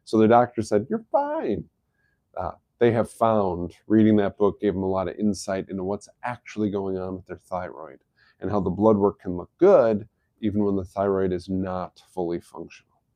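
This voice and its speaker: Mellow-voiced man hosting a health stream. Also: on the low side, normal speed, no echo. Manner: easygoing, explanatory, chuckles at his own jokes. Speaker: host of a health live stream. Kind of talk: casual live-stream talk.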